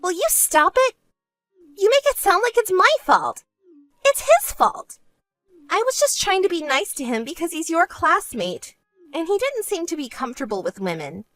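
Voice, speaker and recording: Woman doing a smug whiny young sister, cartoon story, very high voice, dry close sound. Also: big pitch swings, fairly quick, a bit bright, dry recording, faint music behind, exaggerated voice. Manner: smug and whiny, shrill when angry. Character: vain, bratty, self-centered young woman. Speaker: bride-to-be sister. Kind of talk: animated story voice acting.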